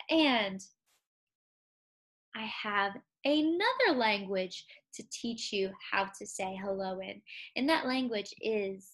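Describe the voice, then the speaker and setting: A young woman teaching a recorded music lesson to kindergarteners, speaking slowly and clearly, coaching them and singing simple songs. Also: a little high, a bit bright. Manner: slow, clear and encouraging, speaking to young children; sings simple songs and gives call-and-response prompts.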